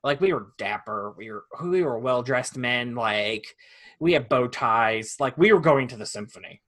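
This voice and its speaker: A young man co-hosts a podcast and tells stories with animated energy, laughing often and restarting his phrases. His voice has a bright, forward tone at a middle pitch. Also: normal speed. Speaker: podcast co-host. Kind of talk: casual storytelling chat.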